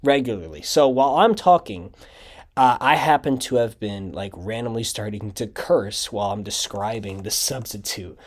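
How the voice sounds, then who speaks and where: A man's voice: fairly low pitch, moderate pace. A young man talking through his own video projects in casual audio commentary, rambling with lots of fillers and restarts. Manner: rambling, filler-heavy storytelling with frequent "like" and restarts. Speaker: channel creator giving audio commentary.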